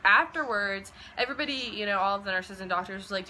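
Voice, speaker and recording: A young woman of about twenty tells a personal story in a casual vlog. Her voice is very bright and her tone is chatty. She fills her speech with "like" and "um", and she acts out the quoted lines with animation. A faint hiss sits under her voice. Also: mid-range voice, quick pace, few pauses, rough recording. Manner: chatty, full of "like" and "um" fillers. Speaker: vlogger.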